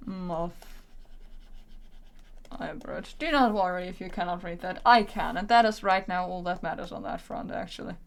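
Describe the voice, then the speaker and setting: A young woman streaming herself drawing, talking casually and quietly to herself as she works, often trailing off mid-thought. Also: lowish voice, normal speed, creaky. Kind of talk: casual thinking-aloud commentary while drawing.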